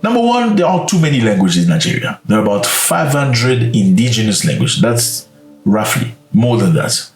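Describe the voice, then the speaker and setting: A man chatting in a casual commentary, his pitch rising and falling with feeling and sometimes sinking to a hushed aside. He sounds a little distant from the microphone, with a roomy echo around him. Faint music plays underneath. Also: normal speed. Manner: animated, expressive, drops to hushed asides. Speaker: commentary channel host.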